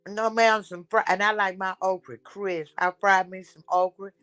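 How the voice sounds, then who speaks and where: A woman hosting a casual chat, blunt and animated as she gossips. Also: medium pitch, moderate pace, dry recording, faint music behind. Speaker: show host.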